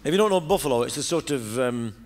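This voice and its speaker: There's background noise as a male comedian with a Northern English accent talks fast through a live stand-up set. His mid-range voice is lively in intonation, and his monologue is rambling, chatty storytelling with plenty of asides for the audience.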